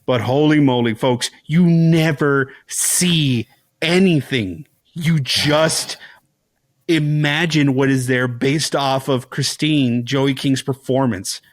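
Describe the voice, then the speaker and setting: A man on a podcast, telling a scary film scene in loose, casual chat. His delivery is animated and full of "like"s and restarts, and he keeps slipping into the characters' lines. The sound is close and dry, with no room in it. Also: medium pitch, takes it slowly, no room sound. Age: young adult to middle-aged, a father. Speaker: podcast co-host.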